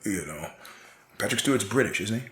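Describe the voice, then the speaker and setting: A man's voice: on the low side, lively intonation, moderate pace, fairly bright tone. An American man, a podcast guest, telling stories in casual conversation, emphatic and laughing often, with some swearing. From United States. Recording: roomy echo.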